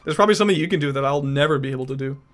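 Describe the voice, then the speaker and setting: A man's voice: on the high side, very fast, soft background music. A man streaming who chats casually and rambles while trying out voice impressions. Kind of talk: casual chat.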